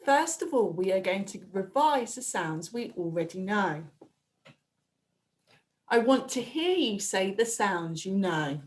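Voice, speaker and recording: A woman teaching a phonics lesson to a reception class, sounding out letters slowly and speaking with animated exclamations. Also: mid-range voice. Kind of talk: phonics lesson for young children.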